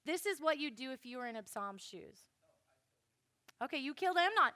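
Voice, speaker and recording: A young woman giving a classroom Bible lesson, animated and speaking straight to her listeners. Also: high-pitched, a little fast, no echo. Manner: animated, addresses listeners directly.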